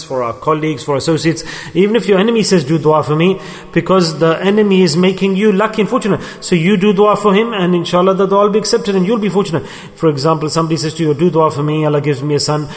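A man's voice: fairly high pitch, big-room sound. A man delivering an earnest sermon, repeating points and mixing in Arabic and Urdu religious terms. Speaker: religious teacher.

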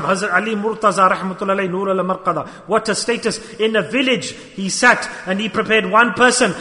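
A man's voice: sits high, pushed and bright. A man preaching a sermon at a gathering on a microphone, impassioned and full of rhetorical questions. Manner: impassioned, rhetorical questions, rises and falls sharply. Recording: reverberant hall.

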